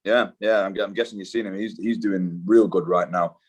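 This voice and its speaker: British guy being interviewed, lowish voice, chill and slangy, says dude a lot. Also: fairly even intonation, normal speed. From Britain. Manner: laid-back, slangy, swears, says "dude". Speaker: guest, mixed martial arts fighter. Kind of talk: casual interview chat.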